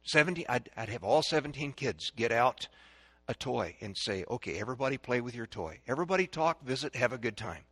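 An older man giving a folksy, sermon-style talk on raising children, animated, acting out stories and drills. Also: mid-range voice, a little fast, slightly rough, no echo. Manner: animated storyteller, shouting drills to kids. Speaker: speaker on parenting.

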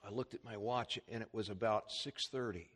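A man's voice: lowish voice, normal speed, fairly bright tone, slightly rough. Storytelling preacher man. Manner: storytelling preacher, acts out voices in his anecdotes. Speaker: pastor. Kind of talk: sermon.

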